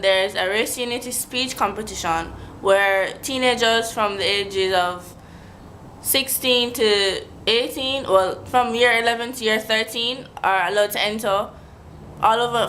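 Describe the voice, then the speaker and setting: A woman's voice: medium pitch, fairly bright tone, slight background noise, poor audio. A teenage girl vlogs in a chatty, enthusiastic manner. Her voice sits mid-range and is recorded close by. A faint room tone runs underneath. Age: teens. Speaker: vlogger. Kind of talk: casual vlog talk.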